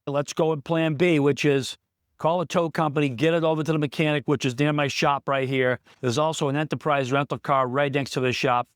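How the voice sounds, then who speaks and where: A man's voice: a little high, steady tone, a little fast, clear, resonant tone, dry recording, clean studio sound. A man who runs a small business, telling a candid personal story in a vlog, plain-spoken and reflective. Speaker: small business owner in recovery.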